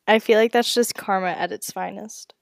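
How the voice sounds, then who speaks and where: A woman guest on a casual podcast, teasing and wry. Her voice is mid-pitched and recorded close and dry, with no room echo. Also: steady tone, normal speed, creaky. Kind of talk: casual chat.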